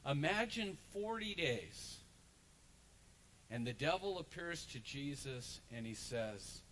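A man, a pastor, preaching a lively sermon in a church and acting out the voices of people in the story. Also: on the high side, takes it slowly, slight background noise, poor audio. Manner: animated storytelling, acts out crowd voices. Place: church sanctuary.

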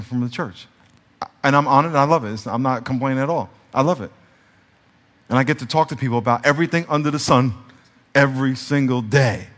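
A male pastor preaching a conversational sermon, shifting between soft, confiding passages and emphatic peaks. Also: mid-range voice. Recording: reverberant church hall sound.

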